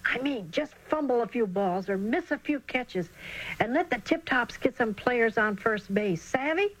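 A woman voicing a gruff, scheming young boy bully in a children's storybook reading. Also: a little high, lively intonation, unhurried, pitched above the performer's own voice, low-quality recording. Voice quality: gruff, whispering.

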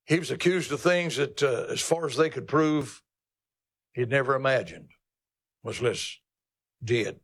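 A male pastor preaching a sermon in an emphatic, folksy, teasing manner, jumping his pitch up for emphasis. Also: a little slow, long pauses, a bit bright.

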